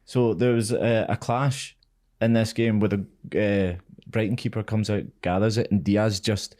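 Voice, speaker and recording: A man's voice: on the low side, fairly even intonation, unhurried, dark tone. A man hosting a podcast, easygoing and chatty, saying aye a lot with plenty of ums. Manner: easygoing, says aye a lot, hesitant fillers. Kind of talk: casual podcast chat.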